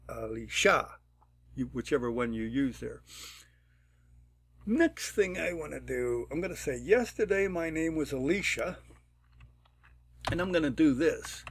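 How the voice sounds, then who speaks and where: A man talking through a programming tutorial step by step, unhurried and thinking aloud, often clearing his throat. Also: medium pitch. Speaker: tutorial presenter. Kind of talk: screen-recorded programming tutorial.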